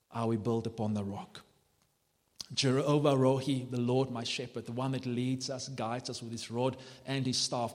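A man preaching a sermon as pastor, passionate and animated, building to emphatic peaks. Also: medium pitch. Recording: long hall reverb.

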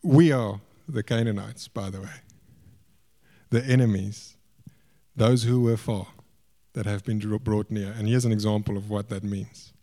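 A man preaching a sermon, swinging between raised, emphatic lines and quiet, hushed asides. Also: lowish voice, fairly even intonation, a little slow.

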